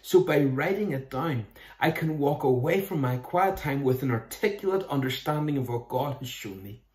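Male pastor, conversational sermon delivery, mid pitch, echoey room. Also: lively intonation, normal speed, a little mellow. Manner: earnest, conversational preaching with rhetorical questions. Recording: roomy echo.

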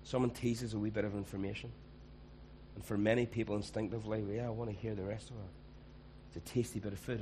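A man's voice: fairly low pitch, a little mellow, a little hiss or hum, poor audio. A man, preaching a conversational sermon and acting out quoted voices.

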